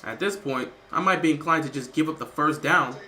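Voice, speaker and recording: A man's voice: a little high, fairly quick, sharp tone, a little hiss or hum. A man hosting a livestream, giving emotional, rambling live commentary on a football game as he watches, repeating himself and reading out donations. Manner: reads out viewer donations. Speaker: livestream host.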